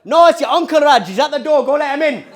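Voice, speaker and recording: A man playing his excitable middle-aged father, who speaks with a Geordie-Indian hybrid accent. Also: extremely high pitch, quick pace, a little hiss or hum, voice pushed up. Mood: eager. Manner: eager, loud.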